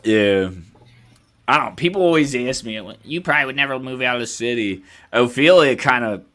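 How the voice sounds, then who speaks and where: A man's voice: medium pitch, moderate pace, a bit bright. A man, hosting a casual podcast chat, blunt and swearing freely with frequent laughs. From Philadelphia. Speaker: podcast host.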